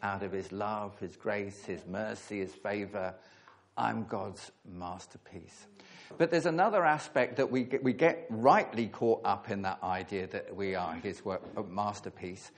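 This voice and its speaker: A man preaching a sermon, earnest and emphatic, leaning hard on key words with pauses between phrases. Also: on the low side, steady tone.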